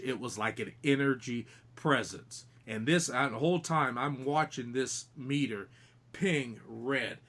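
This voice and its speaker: On a podcast, a man with a medium-pitched, slightly bright voice earnestly describes a ghostly encounter from an investigation in detail. The storytelling is casual, and he frequently restarts his sentences.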